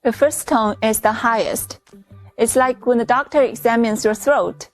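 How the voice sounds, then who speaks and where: A woman teacher in a scripted lesson, explaining clearly and patiently, step by step. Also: a little high, moderate pace, soft background music. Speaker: Chinese teacher.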